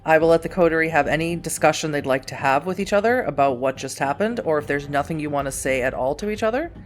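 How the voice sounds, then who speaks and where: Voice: medium pitch, expressive, fast talker, faint music behind. Casual tabletop game master, loose joking narration. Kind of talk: running a tabletop role-playing game.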